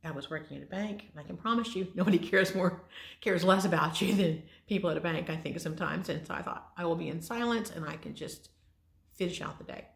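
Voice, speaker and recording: A middle-aged woman tells her own story in a candid, wry, conversational way. Her voice sits low and has a gravelly edge. She is recorded in an echoey room. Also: brisk. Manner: candid, wry, with sighs and laughs. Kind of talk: casual personal storytelling.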